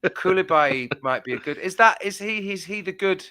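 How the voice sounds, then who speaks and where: A man with a fairly high, bright, forceful voice joins a casual live-stream football chat as a guest. He is animated and wry and jumps into quick tangents. He swears bluntly, and the recording is close and dry. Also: no room sound.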